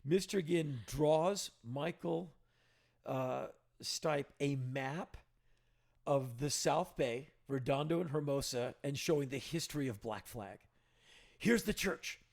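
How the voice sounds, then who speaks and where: A middle-aged man co-hosting a podcast, with a gravelly, mid-range voice. He tells stories casually and turns animated whenever he quotes someone. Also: mid-range voice, takes it slowly. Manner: anecdotal, animated when quoting others. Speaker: podcast co-host. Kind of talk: casual storytelling.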